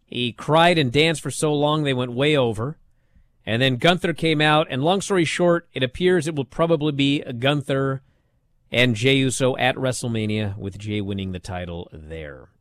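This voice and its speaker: A man hosting a radio talk show, recapping events in a rambling way and often trailing off low at the ends of his sentences. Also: moderate pace, a bit bright, no room sound, studio quality.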